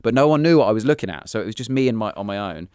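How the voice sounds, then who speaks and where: A man's voice: on the low side, rapid-fire, smooth, no room sound, studio quality. A British man in his thirties, a comedian telling funny stories on a podcast and acting out voices. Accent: British English. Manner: animated, acts out voices in anecdotes. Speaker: comedian guest. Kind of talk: casual podcast storytelling.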